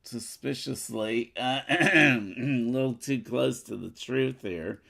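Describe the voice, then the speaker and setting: A man's voice: mid-range voice, takes it slowly, creaky, pushed and bright. A man co-hosting a board game playthrough, chatty and rambling in casual asides. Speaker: game player, co-host.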